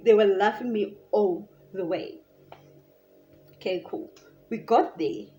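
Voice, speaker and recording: A young South African woman with a South African accent, telling a story to camera in a casual, animated, chatty way. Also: mid-range voice, slow pace, long pauses, a little hiss or hum. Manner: animated, chatty, lots of filler "like". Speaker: vlogger.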